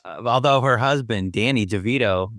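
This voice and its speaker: A man's voice: medium pitch, normal speed, fairly bright tone. A man co-hosting a podcast, chatting casually in a playful, self-deprecating way and laughing easily. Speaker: podcast co-host. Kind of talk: casual chat.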